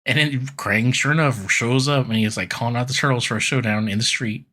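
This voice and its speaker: Male podcast co-host, forceful and a bit raspy, loose filler-heavy recap chat. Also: mid-range voice, steady tone, brisk. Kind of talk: casual chat recapping a cartoon episode.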